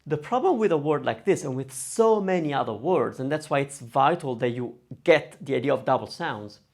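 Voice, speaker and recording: A man teaching pronunciation in a casual video lesson, saying each word slowly and repeating it. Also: medium pitch, expressive, darkish tone. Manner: demonstrates words slowly and repeats them. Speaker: Italian language teacher.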